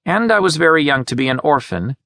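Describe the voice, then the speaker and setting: A shy young widowed artist, soft-spoken and evasive, as a male narrator reads her lines a touch higher. The delivery is gentle and bright-edged, recorded close in a dry booth. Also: animated, brisk, dry recording.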